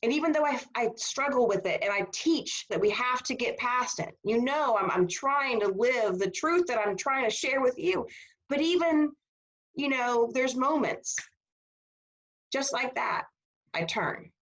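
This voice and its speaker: A woman giving a casual, animated history seminar over a video call, checking in with her students. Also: on the high side, measured pace, rough recording. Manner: animated, conversational, asks rhetorical "right?". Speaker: history instructor.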